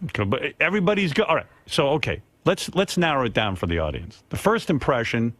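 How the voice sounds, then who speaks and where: A man hosting a radio show, talking in a casual, wry and animated way into a studio mic. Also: mid-range voice, fast, no echo. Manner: animated, wry, reacting and laughing. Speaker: radio host.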